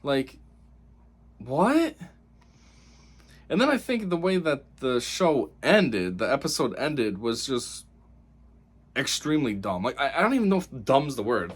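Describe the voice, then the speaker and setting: A man's voice: medium pitch, very animated, normal speed, husky. A man giving a casual spoken review of a TV episode, rambling and exasperated, with lots of fillers.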